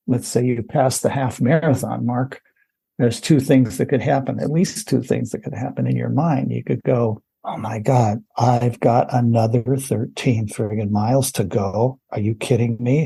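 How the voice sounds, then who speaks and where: A man speaking as a guest on a podcast interview, explaining things in a relaxed, easygoing way with frequent "you know" asides. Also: mid-range voice, creaky, slightly rough. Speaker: podcast guest, running coach. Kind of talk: casual interview talk.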